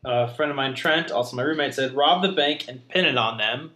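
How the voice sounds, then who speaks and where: A man's voice: medium pitch, a little fast, bright, forceful tone, a little hiss or hum. A young man hosting a casual chat podcast, rambling, correcting himself and laughing often. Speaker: podcast host.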